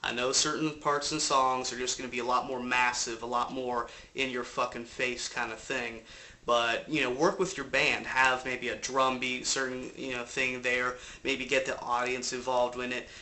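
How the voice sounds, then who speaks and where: Bright-voiced man teaching screaming technique. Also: medium pitch, little pitch movement, normal speed. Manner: loose, rambling explanations with fillers and occasional swearing. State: has a cold. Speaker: vocal coach. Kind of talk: casual instructional talk. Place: apartment.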